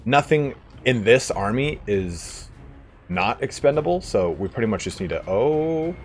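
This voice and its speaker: A man's voice: mid-range voice, very animated, measured pace. A man hosting a gaming video, giving loose, rambling let's-play commentary, swearing freely and chuckling often. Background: faint game music.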